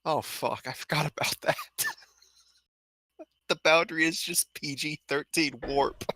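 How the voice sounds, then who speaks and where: Man explaining lore, bright dry voice. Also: on the high side, steady tone, unhurried, no echo. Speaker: co-host. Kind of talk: casual chat.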